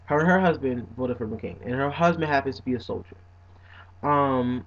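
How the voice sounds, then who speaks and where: A man's voice: medium pitch, moderate pace. A young man talking casually to camera as a vlogger, playful at times and earnest at others, often saying "you know what I'm saying". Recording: dull lo-fi recording.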